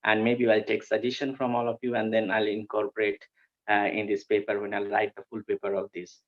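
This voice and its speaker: A man's voice: lowish voice, completely flat delivery, brisk, highs cut off. Hesitant male academic. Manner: hesitant, frequent fillers and restarts. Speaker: academic presenter. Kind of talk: conference paper presentation.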